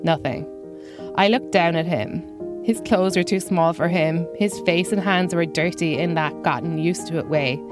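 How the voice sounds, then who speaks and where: Deadpan woman telling a story over music. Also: lowish voice, moderate pace. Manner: dry, self-mocking humor. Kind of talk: scripted personal story.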